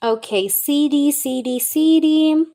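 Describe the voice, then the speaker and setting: A young woman reading tarot live, chatting warmly with viewers and calling them babe and baby girl. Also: high-pitched, slow pace. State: recovering from a wisdom tooth removal. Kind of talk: live-stream chat with viewers.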